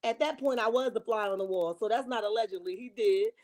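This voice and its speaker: A woman's voice: fairly high pitch, brisk, darkish tone. A woman hosting a casual gossip livestream, reading viewer comments aloud and calling her viewers honey and baby. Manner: reenacts dramatic quotes. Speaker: livestream host reading chat.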